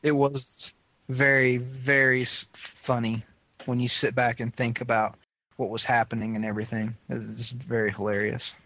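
A man's voice: medium pitch, flat delivery, moderate pace, pushed and bright, dry recording, poor audio. A man co-hosting a podcast, chatting casually, rambling and laughing often. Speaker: podcast co-host. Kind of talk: casual chat.

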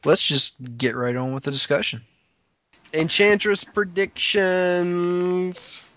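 A man's voice: mid-range voice, fairly even intonation, brisk, sharp tone, no echo. A man co-hosting a podcast in casual chat, laughing often and reading listener responses aloud. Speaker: podcast co-host.

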